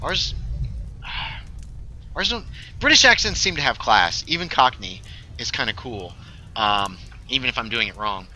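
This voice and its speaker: A man's voice: mid-range voice, sing-song, a little slow, pauses often, sharp tone, slight background noise, low-quality recording. A man chatting casually while streaming a story game, joking with his viewers. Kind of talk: casual gaming livestream commentary.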